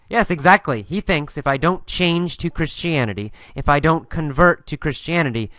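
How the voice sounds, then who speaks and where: Male English teacher, bright crisp voice, patient and repetitive, close dry mic. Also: a little high, no room sound. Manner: slow, patient, repeats key phrases and answers his own questions. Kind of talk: English listening lesson with questions and answers.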